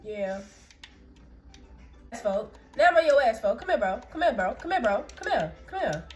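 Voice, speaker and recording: A woman's voice: on the high side, big pitch swings, normal speed, soft background music. Young woman trash-talking over a game. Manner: loud playful trash talk, giggly. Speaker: gamer. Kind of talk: casual gameplay chat.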